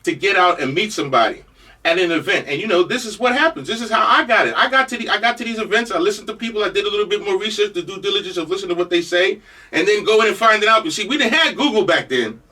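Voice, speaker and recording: Fast, bright older radio host with a cold. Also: male voice, high-pitched, animated, far from the mic. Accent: New York Jamaican. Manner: loose, joking, rambling. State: has a cold. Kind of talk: talk radio introduction. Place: radio studio.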